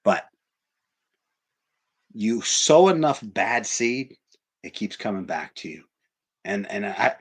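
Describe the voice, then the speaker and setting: A man preaching a sermon in church, swinging from hushed, near-whispered lines to loud, emphatic ones. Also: lowish voice, sing-song, measured pace, husky. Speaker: pastor.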